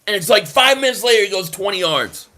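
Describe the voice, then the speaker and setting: A man hosts a casual live stream and reads chat comments aloud. His voice sits high and he talks in an animated, emphatic way. He often stumbles and restarts his sentences. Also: fast talker.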